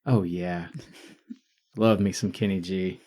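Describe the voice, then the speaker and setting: A man's voice: sits low, steady tone, takes it slowly, a little mellow. A man co-hosting a podcast, chatting casually and rambling about music with laid-back fillers. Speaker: podcast co-host. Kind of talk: casual chat, album review.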